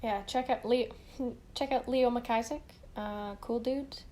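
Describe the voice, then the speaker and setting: A woman's voice: fairly high pitch, steady tone, a little slow, warm tone. A young woman co-hosting a podcast, chatting casually, laughing often and swearing freely. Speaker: podcast co-host. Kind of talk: casual chat.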